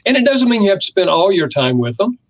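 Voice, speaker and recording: A man's voice: high-pitched, sing-song, fast, dull audio. An older man, an author and speaker, explaining ideas as an interview guest and acting out quoted lines with a lifted voice. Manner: warm storytelling, acts out quoted lines with a lifted voice.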